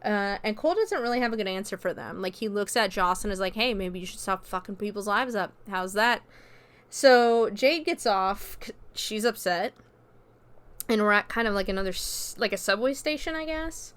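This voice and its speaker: A woman's voice: medium pitch, expressive, normal speed, a bit bright, clear, resonant tone. A woman hosting a podcast, casually recapping a horror movie scene by scene in a chatty manner. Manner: chatty, loose with fillers and quoted dialogue. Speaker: podcast host.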